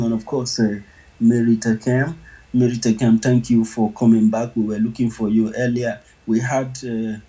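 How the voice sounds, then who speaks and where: A man from Nigeria hosting an online group audio chat, with halting speech full of fillers and restarts. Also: on the low side, mellow, rough recording. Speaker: host of an online audio space.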